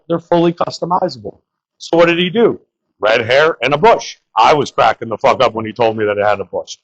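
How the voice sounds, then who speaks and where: A man's voice: a little high, fairly bright tone, muffled recording. A young man from the Bronx doing crude, rambling open-mic stand-up and talking to the crowd. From New York (the Bronx). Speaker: stand-up comedian.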